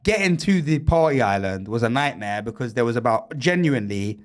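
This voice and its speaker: A man's voice: mid-range voice, animated, a little fast. A young man hosting a podcast, telling a rambling, laughing story in casual chat and swearing a lot. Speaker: podcast host.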